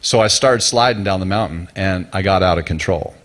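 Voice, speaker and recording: A man's voice: deep voice, fairly quick, fairly bright tone. A middle-aged man from the United States, a pastor preaching a sermon in a conversational storytelling manner, acting out quoted voices along the way.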